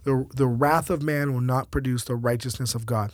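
A man's voice: medium pitch, fairly even intonation, moderate pace, dry recording. A man, a pastor co-hosting a scripture discussion, emphatic and preacherly with joking asides. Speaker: pastor, podcast co-host.

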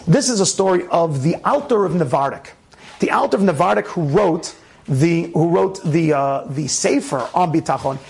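A man telling a story casually, animated, with frequent restarts and laughter. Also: a little high, moderate pace, creaky, faint music behind.

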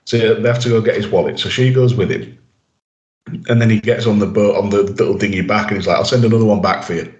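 A man's voice: on the low side, quick pace, a little mellow, reverberant, muffled recording. A man co-hosting a podcast, talking things through in a laid-back, casual way. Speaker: podcast co-host. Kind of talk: casual chat.

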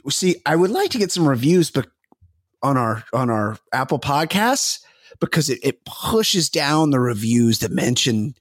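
A man's voice: medium pitch, sing-song, unhurried, slightly rough, no echo, clean studio sound. A man co-hosting a comedy podcast, telling rambling, profane stories full of restarts in casual chat. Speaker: podcast co-host.

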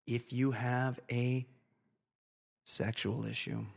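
A man's voice: mid-range voice, level tone, slow pace, creaky. A man hosting a casual podcast, joking and reading listener questions in a mock-formal announcer manner. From New Zealand. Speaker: podcast host.

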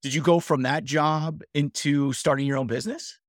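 A man's voice: on the high side, fairly even intonation, moderate pace, no room sound, studio quality. A man hosting a podcast interview, chatting casually and cheering his guest on. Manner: encouraging, affirming, calls guest man. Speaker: podcast host.

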